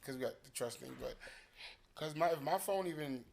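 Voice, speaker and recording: A man co-hosting a casual group talk show, animated and acting out questions in quick bursts. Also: mid-range voice, gravelly, a little hiss or hum. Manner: animated, acts out his partner's questions. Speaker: podcast co-host.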